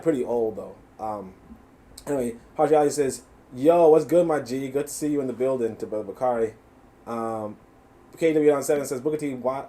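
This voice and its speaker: A man with a New York accent giving animated, profane live reaction commentary. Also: on the high side. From USA. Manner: animated, profane, laughing asides. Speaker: reaction streamer.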